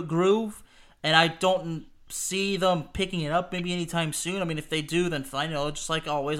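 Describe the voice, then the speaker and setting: A man's voice: a little high, pushed and bright. A man co-hosting a casual football prediction chat, hesitant and repeating words, laughing often. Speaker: podcast co-host.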